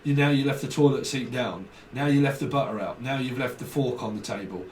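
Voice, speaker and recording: A man's voice: mid-range voice, brisk, darkish tone, recorded from a distance. Rambling man in a roomy room. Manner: rambling, jokey, swearing, acts out scenes. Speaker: tarot reader. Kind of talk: casual tarot reading monologue. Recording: roomy, off-mic, light noise.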